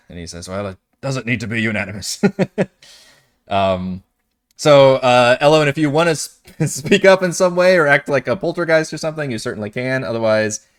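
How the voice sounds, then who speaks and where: A man narrating a tabletop game as game master in a casual, rambling way with frequent fillers, over an online voice call. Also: on the low side.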